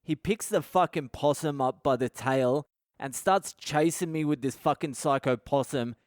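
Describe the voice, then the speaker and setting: An Australian man in his thirties hosting a podcast, telling a crude, animated story full of swearing. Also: on the high side, normal speed, dry recording, studio quality. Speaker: podcast host. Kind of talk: storytelling monologue.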